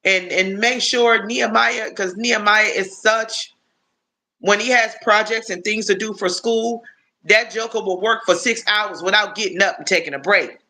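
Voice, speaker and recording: A woman's voice: medium pitch, moderate pace, bright, forceful tone, low-quality recording. A woman in her fifties chatting casually on a live stream, rambling through stories with lots of restarts. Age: 50s.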